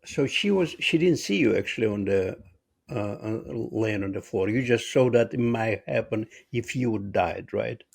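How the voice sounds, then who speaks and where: A male interviewer with a gravelly, husky voice. He chats casually and asks eager follow-up questions, checking he has understood. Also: on the low side, measured pace. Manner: curious, asks follow-up questions, light laughs. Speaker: interview host. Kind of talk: conversational interview.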